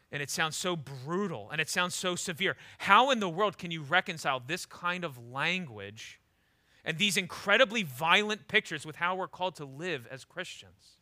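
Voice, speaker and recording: Male pastor, sermon; high, sharp, forceful voice; emphatic, drops low for weight, repeats words mid-thought. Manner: emphatic preaching, swings from loud to low and intense.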